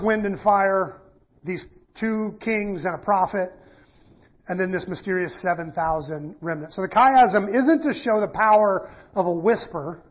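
A man with a high, husky voice preaches a sermon in a conversational manner. He reads scripture aloud and works through it with fillers and restarts, and the recording is dull and lo-fi.

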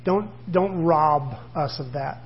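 Middle-aged guy preaching, talks like he's chatting with you, highish voice, kinda dull lo-fi sound. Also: slow, a little hiss or hum. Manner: earnest, conversational, acts out voices of people. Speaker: pastor. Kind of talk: sermon.

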